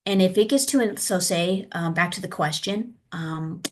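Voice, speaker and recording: An American woman speaks casually about her work as a child abuse investigator. Her voice sits a little low. She talks conversationally and slips into a gentle, apologetic phone tone when she demonstrates calls to parents. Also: moderate pace, a little hiss or hum. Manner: conversational, acts out phone calls in a soft, polite tone. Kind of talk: casual interview answers.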